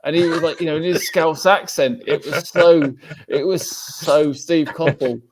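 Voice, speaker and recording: A man's voice: a little high, steady tone, a little slow, background noise. A man guesting on a podcast, talking in a heartfelt, rambling way and often repeating himself. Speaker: podcast guest, football fan. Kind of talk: casual podcast chat. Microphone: remote call.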